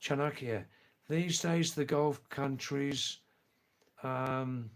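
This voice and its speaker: Brief: male live-stream host, chatty and teasing, average pitch, repeats lines for effect. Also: drawn-out words. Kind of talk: casual live-stream chat with viewers.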